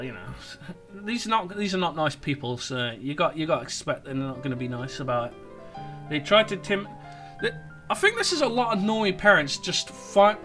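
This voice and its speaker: A man with a bright, forceful, mid-range voice delivers a sarcastic rant in an online commentary video. As a political commentator he mocks and rambles, tripping over himself and starting again.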